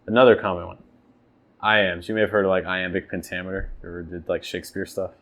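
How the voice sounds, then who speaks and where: A man's voice: sits low, level tone, fast, fairly bright tone. A man teaching a poet about meter in a workshop, patiently breaking words into stressed and weak syllables. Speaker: poetry workshop instructor.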